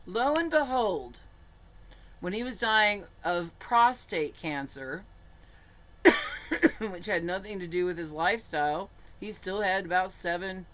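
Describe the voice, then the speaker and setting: A woman's voice: on the low side, fairly bright tone. A woman telling a personal story in a frank, chatty way, laughing often and swearing casually.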